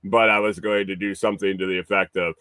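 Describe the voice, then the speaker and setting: Male livestream host, lowish voice, loose and profane, laughs a lot, dry close-mic sound. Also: little pitch movement, quick pace, pushed and bright, clean tone, no room sound. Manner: profane, laughs often, rambling with restarts. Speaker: livestream morning show host. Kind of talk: casual chat reading viewer comments.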